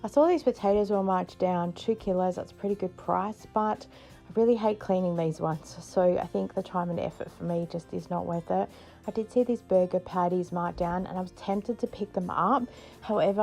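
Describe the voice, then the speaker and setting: A woman's voice: fairly low pitch, steady tone, normal speed, creaky, dark tone, soft background music. A middle-aged Australian woman chatting casually in a vlog, laughing often and retelling moments with playful voices. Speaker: frugal living vlogger.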